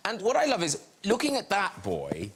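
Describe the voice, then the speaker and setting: A man's voice: sits high, wildly swooping pitch, moderate pace, background noise. A man hosting a television chat show, prompting his guest with chatty questions. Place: TV studio with audience.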